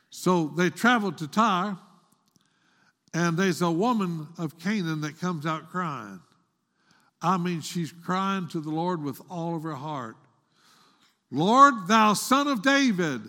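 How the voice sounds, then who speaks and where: A male preacher delivers a sermon at an unhurried, drawn-out pace. His voice sits a little high and sounds bright and ringing. He swings into a dramatic, pleading delivery, and long reverb trails behind him in a church hall. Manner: dramatic, voices the quoted woman in a raised pleading tone.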